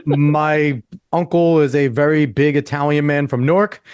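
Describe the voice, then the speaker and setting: A man's voice: on the high side, fairly even intonation, moderate pace, darkish tone, smooth, no room sound, studio quality. A man hosting a podcast, chatting casually and telling family stories loosely, laughing at his own anecdotes. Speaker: podcast host.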